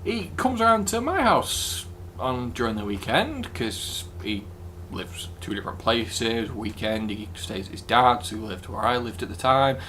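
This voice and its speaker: A man's voice: medium pitch, big pitch swings, a little slow, sharp tone, a little hiss or hum. A young man telling a personal story casually, in a rambling, hesitant way full of fillers. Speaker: vlogger.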